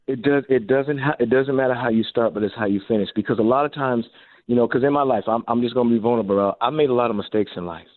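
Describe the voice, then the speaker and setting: Animated man on a tinny phone line. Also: medium pitch, quick pace, no room sound. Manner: animated storyteller, acts out his own quotes. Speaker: guest, former NFL receiver and coach. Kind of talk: phone-in radio interview.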